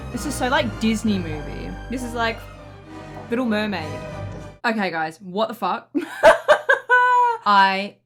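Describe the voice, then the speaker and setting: Young woman, music reaction host, excitable, gushing, laughs a lot. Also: medium pitch, measured pace. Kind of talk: casual reaction commentary.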